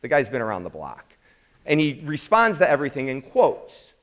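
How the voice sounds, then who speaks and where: A man's voice: medium pitch, huge pitch swings, normal speed, a bit bright. A man in his thirties from Chicago with a Chicago accent, a founder and lead instructor giving a casual storytelling presentation to students and acting out quoted dialogue. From Chicago, South Side. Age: 30s. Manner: casual, acts out quoted dialogue, "I'm like" asides.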